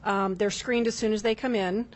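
A woman official giving formal testimony at a legislative hearing, measured and full of filler ums, addressing the chair. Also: mid-range voice, steady tone. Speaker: state corrections official testifying.

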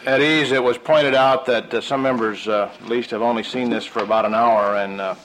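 A man presiding over a state house session, calling votes and ruling on motions in a measured, procedural way with frequent hesitations. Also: mid-range voice, steady tone, a bit bright, slight background noise, rough recording. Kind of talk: parliamentary chairing. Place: legislative chamber.

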